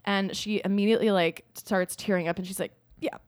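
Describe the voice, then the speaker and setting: A woman's voice: mid-range voice, fairly even intonation, brisk, no room sound, clean studio sound. A young woman hosting a podcast, telling a personal story in casual chat with lots of fillers and acted-out quotes. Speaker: podcast host.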